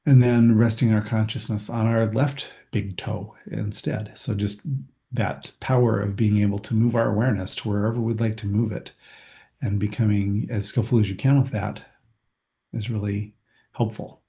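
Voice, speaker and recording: Low, mellow-voiced man guiding meditation. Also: moderate pace, gravelly. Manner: calm, gentle, softly reassuring. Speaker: meditation instructor. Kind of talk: guided meditation. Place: room with a group.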